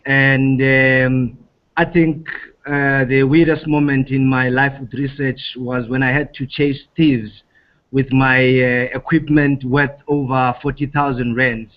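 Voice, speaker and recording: A man's voice: medium pitch, little pitch movement, slow pace. A man introducing himself as an ecology student on a video call, brief and matter-of-fact. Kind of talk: casual self-introduction. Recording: dull lo-fi call audio.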